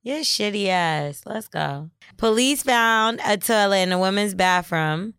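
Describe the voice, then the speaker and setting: A woman's voice: medium pitch, expressive, a little slow, a bit bright, smooth, no room sound, clean studio sound. A woman co-hosting a casual podcast, blunt and profane, teasing her co-host as she reads out odd news stories.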